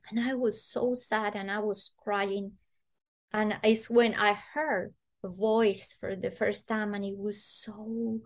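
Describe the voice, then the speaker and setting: A woman guest earnestly telling a personal story in conversation, acting out the voices she quotes. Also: medium pitch.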